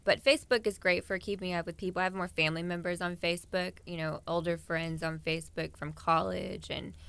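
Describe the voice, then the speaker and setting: A woman's voice: fairly low pitch, steady tone, a little fast, creaky, fairly bright tone, clean tone, no echo. A young woman in her twenties, a pageant contestant, chatting in a radio studio and laughing easily. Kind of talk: casual radio interview.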